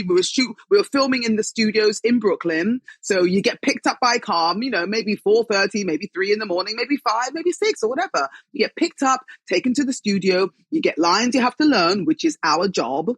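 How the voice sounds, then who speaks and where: A British woman, a guest actress, chatting in an interview and telling lively stories with frequent laughter. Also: medium pitch, husky, dry recording. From Britain. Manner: lively storyteller, laughs often. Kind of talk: casual interview chat.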